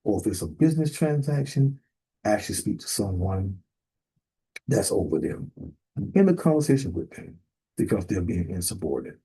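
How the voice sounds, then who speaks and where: A man ministering in a sermon, emphatic and building to sudden forceful bursts. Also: on the low side, very animated, normal speed, husky, low-quality recording. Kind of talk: preaching sermon.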